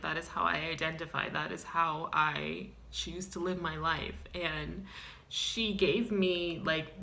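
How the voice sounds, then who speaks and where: Woman doing a self-pitying clown-identifying woman, comedic vlog, sighing and ranting, lowish voice, bright tone. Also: creaky, full character voice. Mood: sulky. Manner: sighing, ranting, dramatic outbursts. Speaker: comedic vlogger character. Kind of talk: deadpan comedic character vlog.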